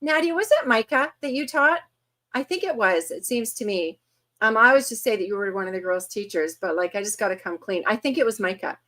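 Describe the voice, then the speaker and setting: A woman in her fifties hosting a casual livestream, chatty and quick to laugh as she greets viewers one by one. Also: a little high, expressive, fairly bright tone. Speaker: host.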